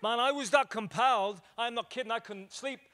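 In a church meeting room with an audience, a male evangelist from Liverpool tells stories in his sermon and animatedly performs the dialogue. His voice is extremely high, pushed and bright, moving a little fast.

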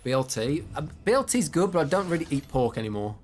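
A man's voice: on the high side, big pitch swings, quick pace, soft background music. Casual streamer man. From West Midlands, England. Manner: casual and self-deprecating, reading chat between bursts of game reactions. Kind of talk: live gameplay stream, chatting with viewers.

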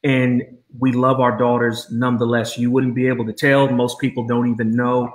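A man's voice: medium pitch, level tone, moderate pace. A middle-aged man hosts a podcast with an enthusiastic, encouraging manner and a mid-range voice. He restarts his sentences often. The sound is roomy, with noticeable echo. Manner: enthusiastic, encouraging, repeats words when he starts a thought. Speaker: podcast host. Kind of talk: podcast interview. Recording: roomy echoey room.

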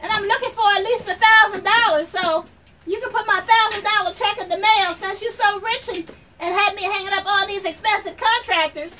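Comedy sketch woman: very high, bright and sharp voice, sassy asides to the audience, recorded from across the room. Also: a little fast, a little hiss or hum. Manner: sassy, repetitive, addresses the audience directly. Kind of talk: comic monologue in character as an office worker. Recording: voice from far off the mic, faint ambience.

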